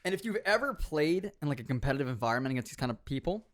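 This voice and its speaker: Animated young man telling gaming stories. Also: a little high, very fast. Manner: animated storyteller, acts out other people's lines, swears freely. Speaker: podcast guest, former pro gamer. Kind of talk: casual podcast chat.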